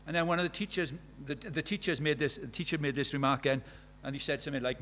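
A middle-aged Welsh man preaching a sermon, moving between loud declarations and quiet, hushed asides. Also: a little high, steady tone, quick pace. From Wales.

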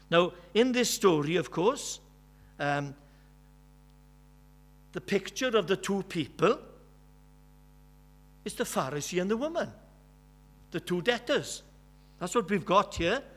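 A Welsh man preaching a sermon, earnest and emphatic, driving each point home by saying it twice. His voice sits a little high for a man. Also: a bit bright. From West Wales. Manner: earnest, emphatic with many repetitions.

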